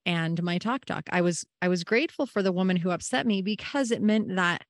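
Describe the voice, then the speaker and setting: A woman's voice: on the low side, animated, fairly quick, no room sound, studio quality. A woman hosting a caregiving podcast, telling a personal story in an earnest, emotional, reflective way. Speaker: podcast host and family caregiver.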